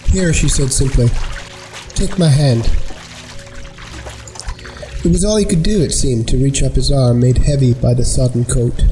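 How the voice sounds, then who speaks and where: A man narrating a scripted story in a measured, unhurried way. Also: mid-range voice, rough recording.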